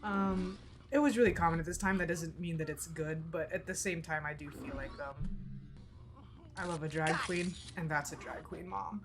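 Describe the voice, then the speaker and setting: A woman's voice: lowish voice, normal speed. Chatty woman streaming a game. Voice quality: chatty, rambling, candid, swears casually. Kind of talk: casual let's-play commentary.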